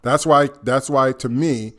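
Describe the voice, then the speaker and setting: A man's voice: medium pitch, a little slow, fairly bright tone. A man hosting a casual chat, chiming in eagerly and agreeing often. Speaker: channel host.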